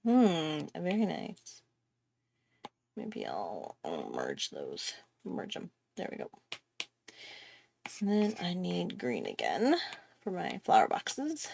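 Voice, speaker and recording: A woman's voice: on the low side, wildly swooping pitch, takes it slowly, creaky, long pauses, darkish tone, slight background noise. A woman chatting casually while she draws on a livestream, self-mocking and laughing often. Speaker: artist hosting a drawing livestream. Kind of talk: casual chat while drawing.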